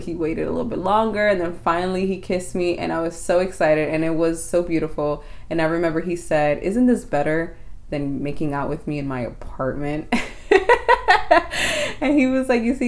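Animated young woman telling a story. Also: low-pitched. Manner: animated, acts out quoted thoughts. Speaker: podcast co-host. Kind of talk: casual storytelling chat.

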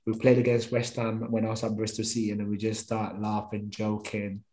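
In a lively storytelling conversation, a man who used to play football professionally acts out what he was thinking and what others told him. His voice is lowish and brisk, captured in a low-quality, reverberant recording with a little hiss or hum.

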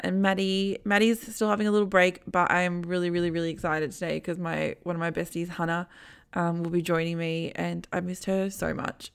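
Podcast host lady, low voice with lots of fry, casual chatty, laughs a lot. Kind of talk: casual chat with a friend.

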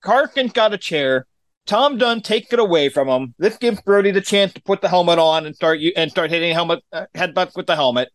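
A man's voice: high-pitched, a little fast, fairly bright tone, no echo. A man casually recapping a wrestling show on a podcast, giving dry, matter-of-fact play-by-play with his own opinions.

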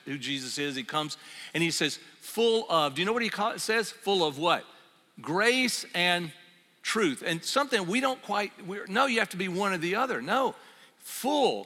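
A middle-aged man preaching a sermon as pastor, telling a story in an animated way and acting out its voices. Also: a little high. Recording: long reverb of a hall.

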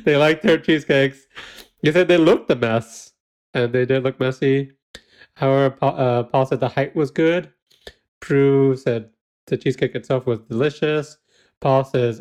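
A man's voice: mid-range voice, normal speed, a little mellow, clear, resonant tone. A man co-hosting a podcast in casual chat, joking and laughing often. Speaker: podcast co-host.

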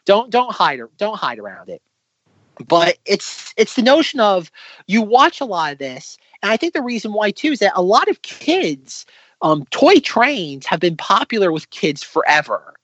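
A man co-hosting a podcast in casual chat, rambling and animated, jumping between tangents. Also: sits high, normal speed, breathy edge, no room sound, lo-fi sound. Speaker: podcast co-host.

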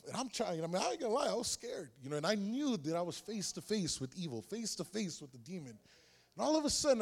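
A man preaches in church, slipping between telling a story and calling out to his congregation. His voice sits high for a man and jumps all over, lively and expressive, and he laughs often as he talks. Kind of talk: sermon with personal story.

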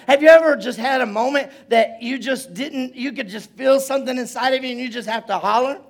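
A man preaching as pastor in a church service, telling stories with playful asides and building to loud shouts. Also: very high voice, a little fast, few pauses. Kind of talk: sermon.

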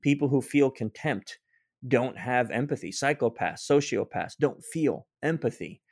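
A man's voice: mid-range voice, animated, a little slow, gravelly, no room sound, clean studio sound. A middle-aged man, a guest author, earnestly telling a personal story in conversation, often restarting his sentences.

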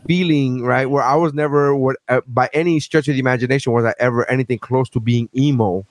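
A man's voice: medium pitch, fast, no room sound. Man in his forties, profane and ranting. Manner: profane, animated ranting with mocking asides. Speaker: podcast host. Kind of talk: casual chat.

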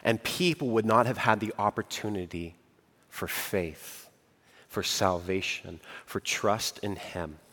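A man preaching a sermon, dramatic, dropping to a hush and then rising to emphatic outbursts. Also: on the low side, slow. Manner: dramatic, swings from hushed to emphatic. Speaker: pastor. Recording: long hall reverb.

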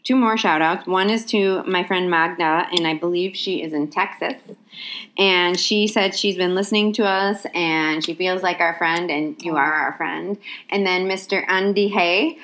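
A woman co-hosting a podcast, chatting reflectively and haltingly with many fillers. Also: on the low side, a bit bright. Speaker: podcast co-host. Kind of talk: casual chat.

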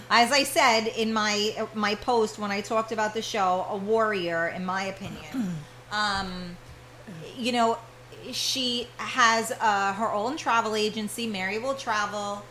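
A woman's voice: mid-range voice, a bit bright. A woman hosts a live internet radio talk show, chatting casually and filling gaps with ums and restarts. Her voice sits in a middle range. The recording sounds roomy, with a faint hum underneath. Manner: chatty, many fillers and restarts.

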